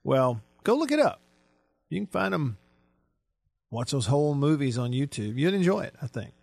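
An older man hosts a radio talk show and tells stories in a loose, jokey way, often trailing off and starting again. His voice sits a little high. The studio sound is dry and close. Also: very animated, moderate pace, gravelly, a little mellow, dry recording. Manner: rambling, jokey storyteller. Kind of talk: casual radio chat.

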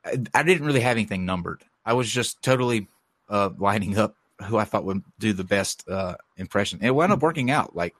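A man's voice: lowish voice, animated, fairly quick, fairly bright tone, no echo. A man with a stuffy cold hosting a podcast in casual chat, rambling with lots of fillers and restarts. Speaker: podcast host.

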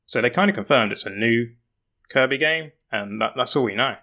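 Bright-voiced chatty podcast man. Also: medium pitch, a little fast. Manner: chatty, restarts words while recalling details. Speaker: podcast co-host and news writer. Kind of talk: casual gaming podcast chat.

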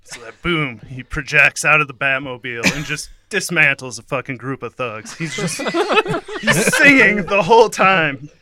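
A man's voice: medium pitch, sing-song, normal speed, music in the background. A man giving a playful, giggly play-by-play of an imagined scene, often breaking into laughter. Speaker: comedic narrator. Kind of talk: playful play-by-play over a song. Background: song playing.

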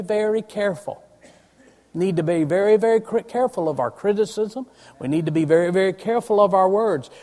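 A man's voice: high voice, a little mellow. A man preaching a sermon, emphatic and asking his congregation questions. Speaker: pastor. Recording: long church reverb.

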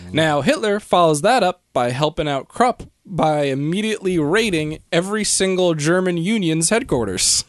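A man's voice: on the high side, expressive, normal speed, few pauses, dry recording, clean studio sound. A man hosting a casual history podcast, telling the story with jokes and laughter. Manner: joking, laughs often. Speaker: podcast host.

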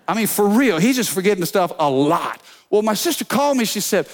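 A man preaching a sermon as pastor, energetic, telling funny stories and calling out to the congregation. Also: on the high side, a little fast, few pauses. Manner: energetic preaching with call-and-response; storytelling with humor.

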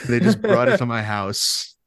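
A man co-hosting a podcast, telling stories in a relaxed casual chat and chuckling mid-sentence. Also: medium pitch, a little slow, crowd noise. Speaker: podcast co-host.

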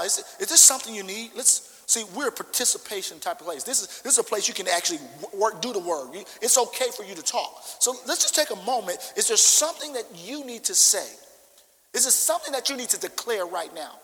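A male pastor with a high, expressive, bright, forceful voice preaches fast and fervently, repeating emphatic declarations in a sermon with congregational prayer. The long echo of a large church hall fills the recording.

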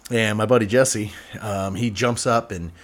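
A man's voice: on the low side, fairly even intonation, a little slow. A man hosting a podcast from his barbershop, telling a rowdy story in a loose, profane way and acting out the people in it. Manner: profane, rambling storyteller who acts out the people in his stories. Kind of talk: casual storytelling chat.

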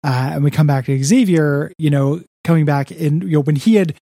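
A man's voice: fairly high pitch, moderate pace, vocal fry, dark tone, no echo, studio quality. A man co-hosting a podcast, recapping a comic book in casual, rambling chat full of "you know" and "like". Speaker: podcast co-host.

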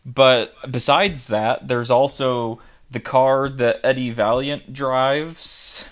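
A man co-hosting a casual film podcast, speaking haltingly and tripping over his words now and then. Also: medium pitch, steady tone, a bit bright.

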